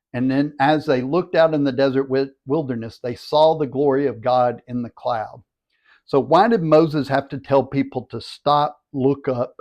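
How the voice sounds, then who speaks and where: An older man, a Bible teacher, reads scripture aloud and then explains it in a steady, explanatory teaching tone. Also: mid-range voice, muffled recording. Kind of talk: scripture reading and commentary.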